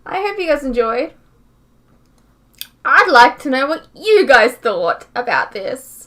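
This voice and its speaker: A woman's voice: sits high, very animated, takes it slowly, pushed and bright. A young woman hosting a reaction vlog, ranting in frustration, swearing often and filling her talk with "like". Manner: frustrated, swears a lot, fillers like "like". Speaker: reaction channel host. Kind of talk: casual reaction vlog rant.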